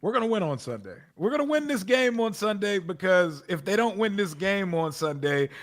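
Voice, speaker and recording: Lively high-voiced man talking football. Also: normal speed, no echo, clean studio sound. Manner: emphatic, slangy, profane. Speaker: Commanders fan panelist. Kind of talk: casual sports chat.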